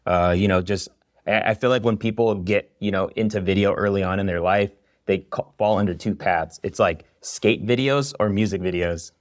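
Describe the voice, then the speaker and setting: A man in his thirties who teaches video appears as a podcast guest, telling his story energetically in a low voice at normal speed with lots of "you know" and other fillers. The casual interview chat has clean studio sound with no echo.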